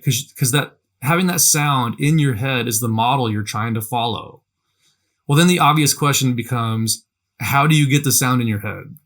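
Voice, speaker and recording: A man's voice: medium pitch, a bit bright. Man casually coaching tone practice. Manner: conversational, repeats words, frequent "right?" tags. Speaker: language teacher. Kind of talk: casual instructional talk.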